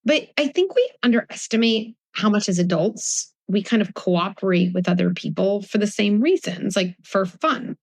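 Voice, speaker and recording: A woman in her forties speaks as a parenting expert before an audience, animated and quick to act out scenes with her kids. Her pitch sits in an ordinary middle range. The sound is dry and close. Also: no echo. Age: 40s. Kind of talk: live talk before an audience.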